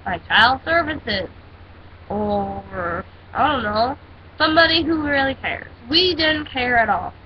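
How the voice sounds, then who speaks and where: A woman's voice: on the high side, expressive, slow pace. A teenage girl ranting in a casual vlog, telling a story in a sassy, dramatic way. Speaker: vlogger. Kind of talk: casual rant. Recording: dull lo-fi with faint hiss.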